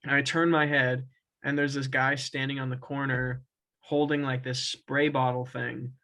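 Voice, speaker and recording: A young man co-hosts a casual podcast from home on his own camera and mic, and the recording is rough. His mid-range voice is level, bright, and forceful at a moderate pace as he tells a rambling, swearing-filled story broken up by laughs.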